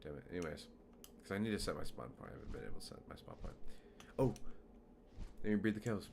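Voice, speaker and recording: A man's voice: deep voice, big pitch swings, quick pace, vocal fry, pauses often, a little mellow, a little hiss or hum. A man streaming a building game, chatting casually and rambling with a self-mocking humor. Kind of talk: casual gameplay commentary.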